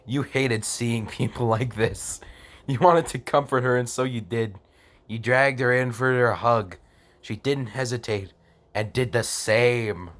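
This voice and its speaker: Young guy slowly reading bad fanfic out loud, sarcastic comments, laughs a lot, medium voice. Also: mid-range voice. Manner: sarcastic asides, frequent laughter, stumbles over words. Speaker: fan fiction reader.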